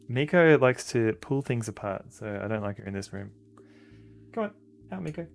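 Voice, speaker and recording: Aussie guy streaming a game, bit of gravel in his voice, rambly chat. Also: medium pitch, expressive, moderate pace, slight background noise. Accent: Australian. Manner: rambling, chatty, fond baby-talk to dogs. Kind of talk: casual live-stream chat. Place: home room with dogs.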